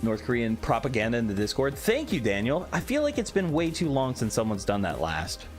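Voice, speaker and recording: A man's voice: mid-range voice, huge pitch swings, a little fast. A young man casually chatting on a live stream, reading chat aloud with a joking, candid manner. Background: faint background music.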